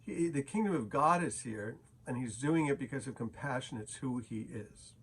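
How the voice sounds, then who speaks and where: Man, pastor, casual Bible teaching, husky, fillers and restarts. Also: mid-range voice, moderate pace. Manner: conversational, many fillers and restarts.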